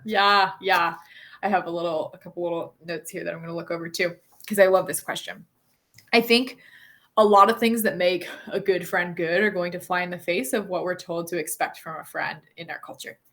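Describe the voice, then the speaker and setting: A woman's voice: on the low side, fairly even intonation, brisk, a bit bright. A woman in her thirties, a guest author on a podcast, talking earnestly and thoughtfully with many fillers and restarts. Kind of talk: conversational interview.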